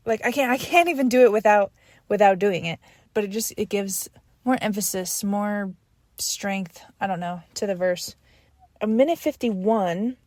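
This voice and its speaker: A young woman hosts a podcast, casually going through an album track by track with rambling enthusiasm, many fillers and restarts. Her voice is medium-pitched and dark, with no echo.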